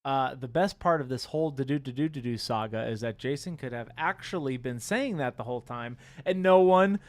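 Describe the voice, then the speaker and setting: A man's voice: mid-range voice, a little fast. A man co-hosting a casual livestream, joking around and reading viewer comments aloud. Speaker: co-host reading chat.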